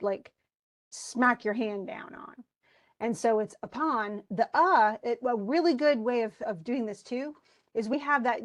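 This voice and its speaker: Chatty woman teaching a class online. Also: a little high. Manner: conversational, many restarts and fillers, checks in with students. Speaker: college English instructor.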